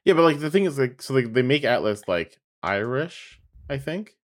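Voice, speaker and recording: A man's voice: medium pitch, sing-song, moderate pace. Male podcast co-host, argumentative and jokey, mid-range voice. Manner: insistent, laughs often, swears. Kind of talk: casual chat.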